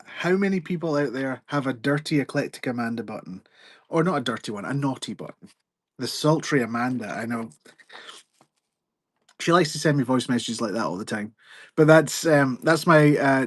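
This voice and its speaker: A man's voice: medium pitch, dry recording, studio quality. Rambling jokey man hosting a live stream. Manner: rambling, jokey, self-interrupting. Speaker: livestream seller host. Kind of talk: casual live-stream chat.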